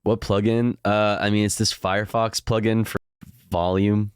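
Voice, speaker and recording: Here a livestream host speaks at normal speed in a fairly low, smooth voice with flat delivery, playfully joking as he welcomes chat members one by one. It's studio-quality audio with no room sound.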